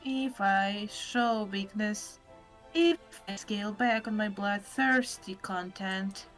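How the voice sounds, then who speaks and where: A brooding, self-pitying troll girl who talks in a flat, mechanical drone, as a woman reads her lines aloud in a game playthrough, each word dragged out very slowly. Her voice sits a little high for a woman, and quiet music plays under it. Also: low-quality recording. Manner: slow flat robotic delivery. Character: gloomy sinister female troll influencer, self-pitying. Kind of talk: reading game dialogue aloud.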